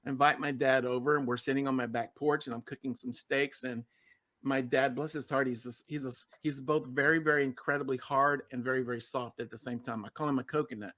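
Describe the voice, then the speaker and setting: A man's voice: mid-range voice, fairly even intonation, a little fast, fairly bright tone. A middle-aged man telling a personal story as a podcast guest, earnest and emotional, often repeating words for emphasis. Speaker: guest, success coach.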